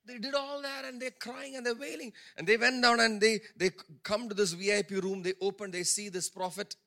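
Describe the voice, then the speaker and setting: A man preaching a sermon with a high, bright and forceful voice. He hammers his points home by repeating phrases. He voices the people in the story himself. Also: level tone, a little fast, gravelly. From India. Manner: emphatic, repeats phrases for stress; acts out characters' words in his own voice. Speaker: pastor.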